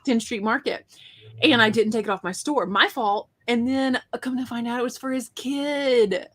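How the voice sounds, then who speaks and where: A woman's voice: a little high, normal speed. A woman hosting a casual livestream giveaway, chatty and teasing, laughing often.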